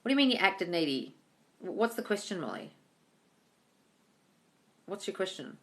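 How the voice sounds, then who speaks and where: A manifestation coach hosts a live-stream Q&A, reading viewers' chat comments aloud and answering bluntly, swearing often and calling people darling. Her mid-range voice has a sing-song lilt and moves at a moderate pace.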